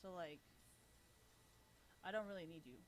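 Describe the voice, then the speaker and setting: A woman's voice: on the low side, normal speed, slight background noise, poor audio. A young woman streaming a game, talking casually in a blunt, heavily profane, complaining way. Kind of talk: casual live-stream chat while gaming.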